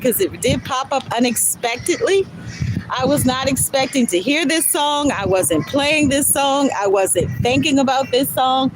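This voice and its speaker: Woman, livestream host, slow earnest delivery, faint road noise behind. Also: on the high side, poor audio. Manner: slow, earnest, reads lyrics aloud then explains them. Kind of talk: spiritual talk reading song lyrics. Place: outdoors or near a road, truck passing. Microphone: phone livestream.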